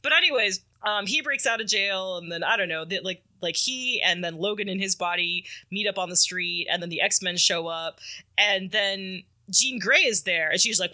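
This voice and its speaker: A woman's voice: medium pitch, moderate pace, bright, forceful tone. A woman co-hosting a podcast, casually recapping a comic story in a rambling way and acting out the characters' lines. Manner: rambling, filler-heavy, acts out characters' lines. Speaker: podcast co-host.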